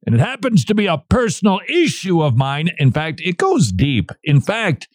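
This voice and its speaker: Male radio host, playful banter, mock-grand flourishes, lively high-ish voice, dry sound. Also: normal speed, no echo.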